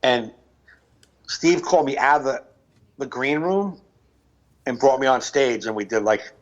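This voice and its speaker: A man's voice: mid-range voice, animated, unhurried, lo-fi sound. A man co-hosting a comedy podcast, telling loose stories in casual chat and laughing often.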